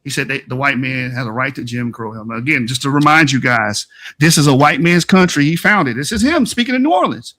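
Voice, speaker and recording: A man's voice: mid-range voice, expressive, a little fast, bright, forceful tone. A man giving a combative, emphatic debate rebuttal on an online stream, taunting his opponent as he argues. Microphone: online stream call mic.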